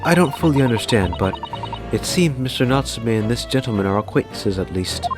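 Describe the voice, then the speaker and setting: A man's voice: medium pitch, animated, brisk, music in the background, pitched above the performer's own voice, lightly acted. A man voicing a polite, earnest young female assistant with formal, courteous speech. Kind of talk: fan voicing a game.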